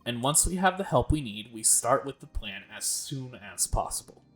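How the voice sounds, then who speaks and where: A man's voice: mid-range voice, lively intonation, normal speed, a bit bright. Man reading game dialogue over music. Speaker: let's play host.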